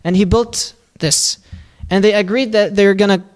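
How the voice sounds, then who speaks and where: A man telling a prophet's story at a mosque in a lively, casual way, acting out the quoted lines and using Arabic phrases. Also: sits high, moderate pace. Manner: casual, with fillers and restarts. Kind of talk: religious storytelling talk.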